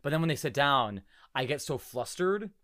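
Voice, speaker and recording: A young man in his twenties hosts a podcast, chatting casually at normal speed in a medium-pitched voice. He tells stories with animation, laughs, and acts out quotes. The sound is clean studio quality with no echo.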